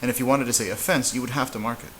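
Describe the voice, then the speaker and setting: A man teaching a casual whiteboard lesson, relaxed and halting, with frequent fillers and restarts. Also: medium pitch, slight background noise, low-quality recording. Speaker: Spanish teacher.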